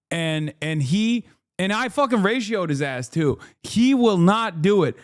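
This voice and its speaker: A man's voice: sits high, lively intonation, a little slow, no room sound, clean studio sound. A male live streamer giving casual reaction commentary, profane, mocking and sarcastic.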